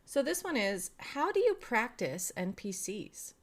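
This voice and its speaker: A woman's voice: fairly high pitch, very animated, a little slow. A woman co-hosting a podcast in casual chat, reading out listener questions and chiming in. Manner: reads out listener questions, chatty. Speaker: podcast co-host.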